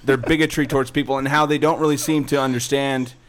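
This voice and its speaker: A man co-hosting a podcast, rambling through crude casual chat and breaking into laughs between phrases. His voice sits at an ordinary middle pitch. Steady background noise runs under the whole recording. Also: quick pace. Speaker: podcast co-host.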